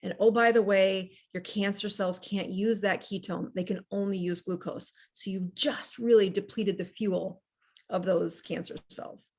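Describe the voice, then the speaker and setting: A middle-aged woman physician telling stories in an interview, earnest and reflective, with restarts and the odd soft laugh. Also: medium pitch, fairly even intonation, measured pace. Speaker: physician guest. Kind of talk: casual interview storytelling.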